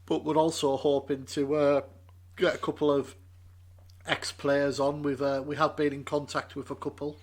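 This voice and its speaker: A man co-hosting a casual football fan podcast, speaking in a relaxed, conversational way with some hesitation. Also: fairly high pitch, normal speed. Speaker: podcast co-host.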